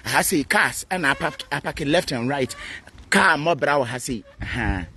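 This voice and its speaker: A man's voice: on the high side, sing-song, unhurried, noisy background. A Ghanaian man, a Twi speaker, delivering a defiant, mocking rant to camera and mixing Twi with English. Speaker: vlogger answering a critic. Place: outdoors beside a busy road.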